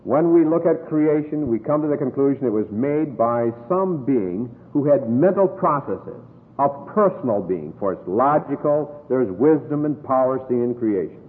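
An American man preaching a sermon, emphatic and drawing out scripture quotes slowly. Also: medium pitch, lively intonation. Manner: emphatic, drawn-out quoting of scripture. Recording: echoey hall over a tinny phone-like line.

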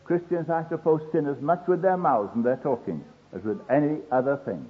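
A man's voice: a little high, brisk, hardly any pauses. An older man preaching a sermon in an earnest way, acting out the voices he quotes. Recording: tinny phone-like old sermon tape.

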